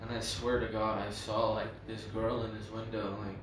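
A man's voice: on the low side, little pitch movement, moderate pace, distant mic. A young man telling a story casually, rambling and slangy with many fillers. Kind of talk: casual chat, ghost story. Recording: echoey room from off-mic with noise.

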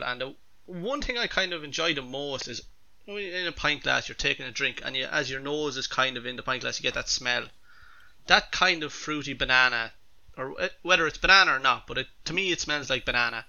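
A man's voice: medium pitch, lively intonation, brisk, bright, forceful tone, highs cut off. A man co-hosting a podcast, thoughtful and hesitant, searching for words. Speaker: podcast co-host. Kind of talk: casual chat.

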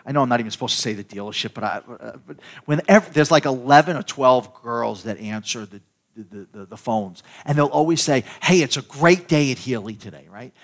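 A middle-aged pastor preaching a sermon in a loose, conversational storytelling way, often repeating and restarting words. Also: male voice, mid-range voice, fairly quick.

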